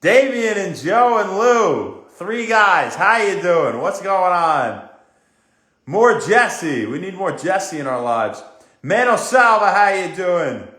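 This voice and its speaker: A man, hosting a casual wellness livestream, greeting viewers by name and giving fast, upbeat health tips. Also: high voice, very animated, pushed and bright. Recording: echoey room.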